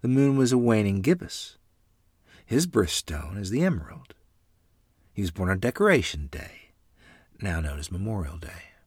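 A man's voice: lowish voice, sing-song, normal speed, long pauses, husky, no room sound, studio quality. A man narrating a family memoir aloud in a plain, earnest reading.

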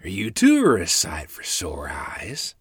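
A good-natured old grandfather from the frontier, friendly and unhurried, voiced by a male storyteller. The voice is husky with a lively lilt, recorded close and dry. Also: deep voice, dry recording, full character voice. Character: kindly, strong old grandfather.

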